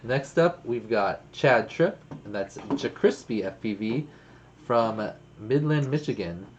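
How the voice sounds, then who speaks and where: A man's voice: mid-range voice, lively intonation, slow pace, muffled recording, slight background noise. A man co-hosting a casual livestream from a home studio, announcing pilots and laughing easily. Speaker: co-host.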